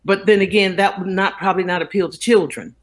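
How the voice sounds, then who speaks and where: An older actress in a casual interview, telling lively stories and acting out the people she quotes. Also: mid-range voice, fast talker. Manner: animated storyteller, acts out quoted voices.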